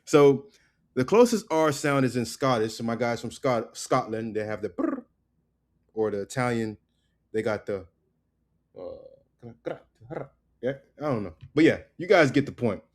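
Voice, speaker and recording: A man's voice: medium pitch, animated, moderate pace. A man teaching Colombian Spanish pronunciation in a casual lesson, repeating each word several times with an upbeat, chatty manner.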